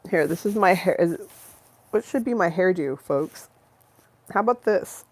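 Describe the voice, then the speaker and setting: A woman's voice: on the low side, animated, a little slow. A woman hosting a casual livestream, chatting in a giggly, rambling way and breaking off her own sentences. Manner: giggly, rambling, self-interrupting. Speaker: livestream host. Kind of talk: casual chat.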